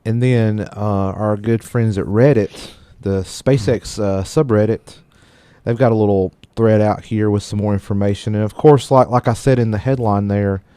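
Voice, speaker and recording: A man's voice: lowish voice, fairly even intonation, normal speed, warm tone, clear, resonant tone, dry recording. A man co-hosting a radio tech show, reading news stories aloud and often tripping over words and joking about it. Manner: stumbles over words and laughs at himself. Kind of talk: casual radio news chat.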